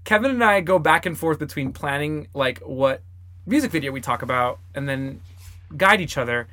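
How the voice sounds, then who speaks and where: Podcast co-host: man, slightly high voice, laughs easily, dry studio sound. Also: lively intonation, moderate pace, bright, forceful tone, dry recording. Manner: giggly, chatty, makes reaction noises. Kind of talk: casual chat.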